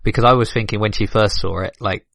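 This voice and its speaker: A man's voice: on the low side, steady tone, quick pace, gravelly, a bit bright, dry recording, clean studio sound. A man who is a podcast guest, chatting casually and rambling, laughing often as he talks.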